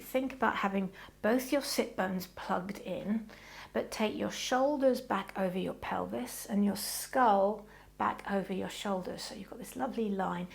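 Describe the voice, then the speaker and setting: Woman, yoga teacher, guided class, gravelly voice, gentle and reassuring. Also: medium pitch. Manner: gentle, reassuring, chatty with frequent "okay"; slow, soft breath cues at times.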